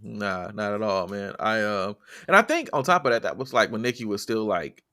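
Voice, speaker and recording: A man's voice: lowish voice, normal speed. A man co-hosting a music podcast in casual, jokey chat. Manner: animated, jokey, breaks into loud impressions. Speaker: podcast co-host.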